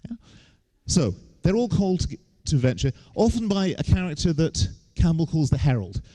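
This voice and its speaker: A man's voice: on the high side, big pitch swings, moderate pace, warm tone. A man, giving a humorous lecture on stage with wry, joking asides. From England.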